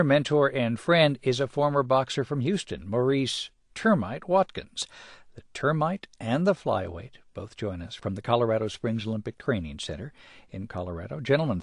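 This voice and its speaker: A man hosts the interview in a measured, polite broadcast manner. His voice sits at an ordinary middle pitch. The recording is dry and close. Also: dry recording.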